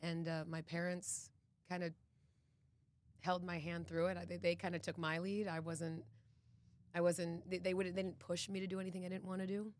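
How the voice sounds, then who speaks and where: A woman's voice: fairly low pitch, little pitch movement, moderate pace. A woman from Boston, an actress guest on a podcast, talking in an earnest, reflective way with frequent restarts. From Boston, United States. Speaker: actress and executive producer, guest. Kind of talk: casual podcast interview.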